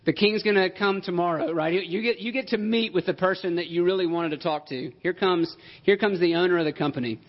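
Guy preaching a sermon, kinda high voice, emphatic and chatty, dull muffled recording. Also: fast talker, few pauses. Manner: emphatic, conversational preaching with rhetorical questions. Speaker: pastor. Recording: dull lo-fi sound.

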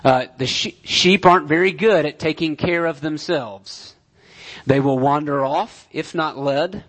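A man, a pastor, preaching a sermon in a measured way, repeating key phrases for emphasis, with frequent "uh" fillers. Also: a little high, a bit bright.

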